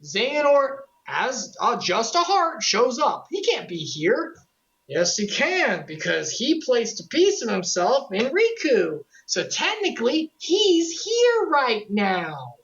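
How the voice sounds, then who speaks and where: A woman recapping game lore on a casual stream, animated and joking, with sarcastic asides. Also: a little high, takes it slowly, lo-fi sound.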